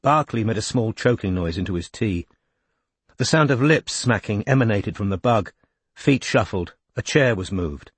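A male audiobook narrator with a low, husky voice, reading at a measured pace. The recording is close and bone dry, with no room sound. He keeps an even, steady delivery. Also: no room sound. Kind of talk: scripted narration.

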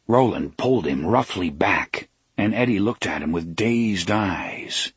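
A man narrating an audiobook in a measured, dramatic storytelling manner, slowing down for emphasis. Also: low voice, expressive, breathy edge, dry recording. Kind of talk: scripted narration.

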